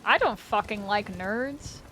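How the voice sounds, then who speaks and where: A woman's voice: medium pitch, slow pace, fairly bright tone, a little hiss or hum. A woman streaming a game live, chatting casually with her viewers, swearing freely and laughing often. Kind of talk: casual live-stream chat while gaming.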